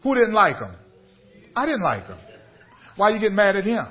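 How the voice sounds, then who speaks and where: A man's voice: high-pitched, huge pitch swings, normal speed, lo-fi sound. A man, a bishop preaching a radio sermon, building up to emphatic repeated questions to his listeners. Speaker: bishop and pastor.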